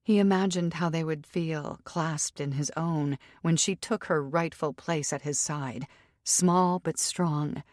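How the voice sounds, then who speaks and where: A woman narrating a romance audiobook in a steady, even storytelling voice. Her voice sits low for a woman, and the close studio mic gives a dry, dead sound. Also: takes it slowly, no room sound. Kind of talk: scripted narration.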